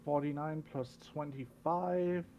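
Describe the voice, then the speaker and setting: A man narrating as game master, slow and hesitant with many fillers. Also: fairly high pitch, fairly even intonation, mellow.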